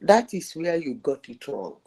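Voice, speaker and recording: A woman's voice: low-pitched, very animated, unhurried, a little mellow, breathy edge, low-quality recording. A middle-aged woman hosting a live talk show, arguing her point with emphatic rhetorical questions. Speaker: host.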